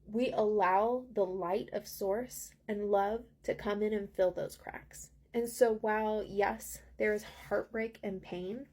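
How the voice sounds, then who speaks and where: A woman working as a spiritual mentor, giving an earnest, gentle, rambling channeled tarot reading with frequent ums. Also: medium pitch, slightly rough.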